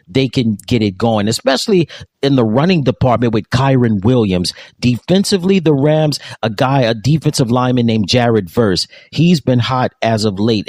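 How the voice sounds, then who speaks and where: A man's voice: medium pitch, darkish tone, no echo. A man hosting a sports show, giving solo football commentary in an emphatic way and repeating his points.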